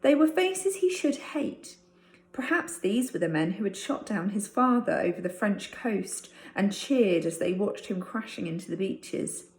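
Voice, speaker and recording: A woman's voice: medium pitch, animated, unhurried, a little mellow. A woman teacher reading a chapter of a storybook aloud to her class. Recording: roomy echo.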